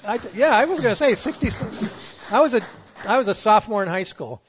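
An older man with a high, light voice tells stories with a laugh running through them. He speaks into a handheld mic in a meeting hall, and the sound is muffled, with a long reverb trailing behind him. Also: a little fast, a little hiss or hum. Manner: chuckles through his stories, animated. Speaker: veteran and event emcee. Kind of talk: anecdotal storytelling to an audience. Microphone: handheld microphone.

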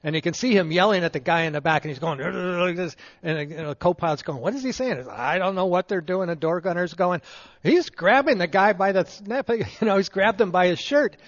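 An older veteran serving as event emcee tells anecdotes to an audience in a high, light voice, chuckling and animated throughout, at a brisk pace. He uses a handheld microphone in a meeting hall, where the sound is muffled and trails off in a long reverb.

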